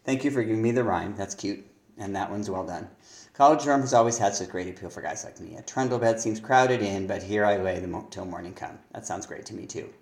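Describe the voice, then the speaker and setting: Man, lyric feedback, reads lines then comments, deep voice, roomy echo. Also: brisk. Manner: reads lines aloud then comments on stress, thinking aloud with fillers. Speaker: songwriting teacher. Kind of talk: reviewing lyrics aloud.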